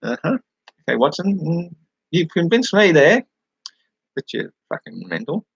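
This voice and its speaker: Gravelly Australian man rambling on a live stream. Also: fairly high pitch, wildly swooping pitch, measured pace, no room sound, muffled recording. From New South Wales, Australia. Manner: rambling, swears freely, laughs at his own remarks. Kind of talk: casual live chat with viewers. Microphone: webcam.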